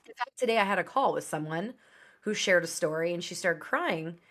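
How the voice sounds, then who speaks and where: A woman in her thirties, a podcast guest, telling her personal story in an open, conversational way with quick asides. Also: on the low side, expressive, fairly bright tone.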